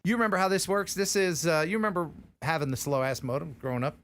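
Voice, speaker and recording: A man's voice: on the high side, fast, a bit bright. A man hosting a casual live stream, talking in a playful, hesitant way with lots of restarts. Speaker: host.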